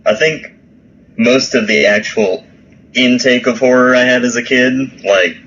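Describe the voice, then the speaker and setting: A man's voice: mid-range voice, a little slow, a bit bright, highs cut off, slight background noise. A man co-hosting a podcast in casual chat, laid-back, laughing often and swearing freely. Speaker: podcast co-host.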